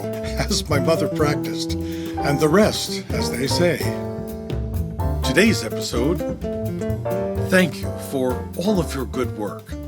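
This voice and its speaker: A man's voice: a little high, slightly rough. An older man, an orchestra's artistic director, narrating personal stories from a script and acting out what people said. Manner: animated, acts out quoted voices.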